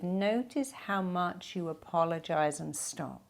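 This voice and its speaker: A woman's voice: fairly low pitch, moderate pace, darkish tone. A middle-aged woman, a self-help speaker, answering viewer questions with emphatic advice and acting out quoted speech.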